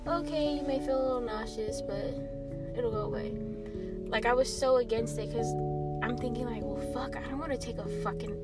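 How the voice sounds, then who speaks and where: A woman's voice: a little high, a little fast, loud music behind the voice. A young woman hosting a podcast, chatting casually with lots of swearing. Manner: profane, animated, swears a lot. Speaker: podcast host. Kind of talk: casual chat.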